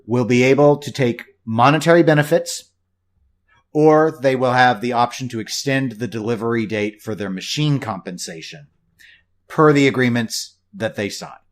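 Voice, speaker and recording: A man co-hosting a laid-back podcast, chatting at length in a rambling way. He drops wry asides and often restarts his sentences. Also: medium pitch. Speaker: podcast co-host. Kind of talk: casual podcast chat.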